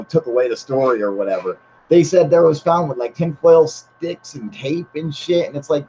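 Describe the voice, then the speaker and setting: Male livestream host, mid-pitched, blunt and swearing, rambling with fillers, slightly muffled audio with faint hiss. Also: darkish tone. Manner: blunt and heavily profane. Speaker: channel host. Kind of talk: casual livestream chat with viewers.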